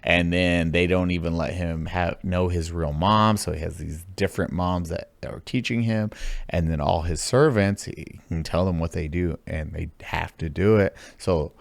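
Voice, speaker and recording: A man hosting a casual podcast chat, animated and swearing, laughing a lot and jumping into high mock voices. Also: normal speed, gravelly, no echo. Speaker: podcast host.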